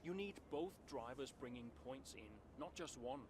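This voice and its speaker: An actor playing a confident young male racing driver in a video game interview, calm and self-assured. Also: medium pitch, normal speed, noisy background, lightly acted.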